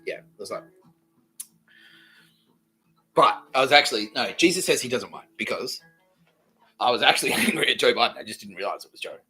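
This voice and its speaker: A man hosting a podcast, rambling through a profane monologue that swings from low mutters to loud outbursts. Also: low-quality recording. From Australia. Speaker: podcast host.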